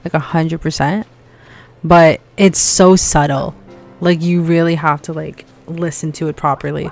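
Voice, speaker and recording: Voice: mid-range voice, fairly even intonation, unhurried, faint music behind. A streamer chatting casually while gaming, telling stories with lots of "like" fillers. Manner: chatty storyteller, heavy use of "like".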